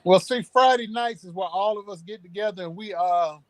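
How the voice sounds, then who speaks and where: A man hosting a casual talk show, telling stories in an animated way and repeating himself as he goes. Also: high-pitched, a little fast, background noise. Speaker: show host. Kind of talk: casual chat about current events.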